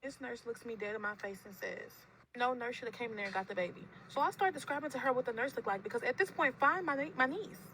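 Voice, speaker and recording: A woman's voice: a little high, fast, a little hiss or hum, rough recording. A woman telling a dramatic personal story in a storytime video, acting out the quoted lines of the people in it. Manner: animated, acts out quoted dialogue.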